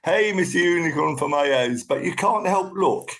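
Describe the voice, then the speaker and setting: A man's voice: fairly high pitch, lively intonation, normal speed, fairly bright tone, poor audio. A man hosting a casual live stream, chatting to viewers and thanking them by name as they join.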